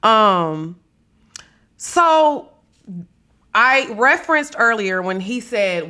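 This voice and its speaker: Sassy bright-voiced woman podcast host. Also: fairly high pitch, expressive, very slow, pauses often. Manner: sassy, blunt, swears freely, dramatic. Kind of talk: casual gossip commentary.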